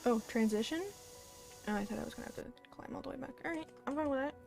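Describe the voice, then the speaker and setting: A woman's voice: sits high, quick pace, gravelly. Chatty young woman streaming a game. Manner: chatty, casual, swears, coos at her pet. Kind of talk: live gameplay commentary. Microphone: desk microphone. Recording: loud background noise.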